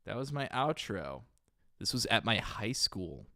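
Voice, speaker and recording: A man's voice: fairly low pitch, very animated, a little slow, vocal fry, noisy background. A young man hosting a livestream in casual chat, rambling, trailing off and correcting himself as he remembers. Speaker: livestream host.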